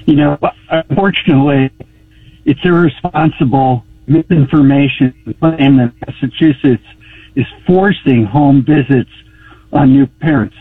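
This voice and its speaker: Man, radio caller, husky voice, insistent, heated, dry tinny phone line. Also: medium pitch, unhurried, no echo. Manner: insistent, repeats himself, raises his voice. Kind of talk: heated call-in argument. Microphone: telephone.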